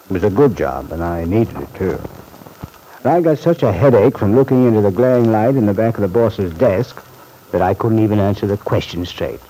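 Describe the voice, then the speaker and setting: A chuckling, fatherly middle-aged banker uncle, played by a man in a vintage radio soap. His voice sits low and mellow, and he talks with easy, reassuring geniality. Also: animated, brisk, slight background noise, natural voice, low-quality recording. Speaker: bank executive.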